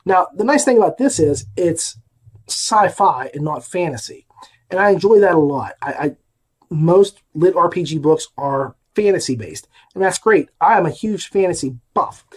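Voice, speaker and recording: A man with a notably high-pitched voice talks through an audiobook review in a loose, conversational way. He is opinionated and throws in emphatic asides as he goes. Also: lively intonation, moderate pace, slightly rough. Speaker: podcast host reviewing audiobooks. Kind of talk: casual spoken review.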